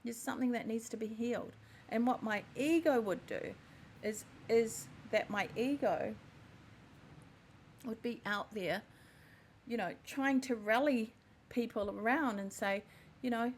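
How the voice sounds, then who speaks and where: At a measured pace, a woman with a slightly high voice hosts a podcast, reflecting earnestly on personal matters and frequently rephrasing. A little hiss or hum sits under the recording.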